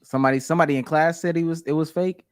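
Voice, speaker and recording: A man co-hosting a podcast, telling school stories in a relaxed way. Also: on the high side, rapid-fire, clean tone, dry recording, clean studio sound. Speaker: podcast co-host. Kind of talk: casual podcast chat.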